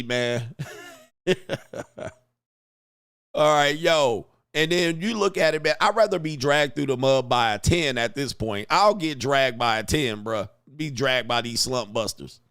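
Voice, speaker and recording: A man's voice: medium pitch, a bit bright, clear, resonant tone. A man hosting a casual livestream, joking loosely with slangy, profane street talk, laughing often and reading viewer comments aloud. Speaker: livestream host.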